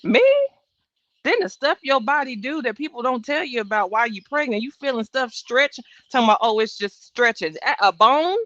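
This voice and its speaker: A woman's voice: a little high, brisk, a bit bright, no echo. A woman in her thirties hosting a live trial-watch stream, giving blunt, sassy, profane casual commentary. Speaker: livestream trial-watch host. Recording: dull, dry home stream audio.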